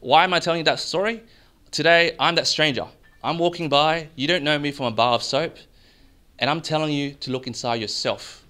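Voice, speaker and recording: A man giving an energetic, salesy seminar talk, asking the crowd questions. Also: fairly high pitch, a little fast, smooth. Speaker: mortgage broker giving an expo talk. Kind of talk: live seminar presentation to an audience.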